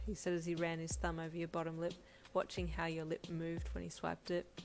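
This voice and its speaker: A woman narrates a romance story in a soft, intimate voice pitched a little low. A quiet lo-fi beat plays faintly underneath. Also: completely flat delivery, a little fast. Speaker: fan fiction reader. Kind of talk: reading a romance story aloud. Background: faint lo-fi music.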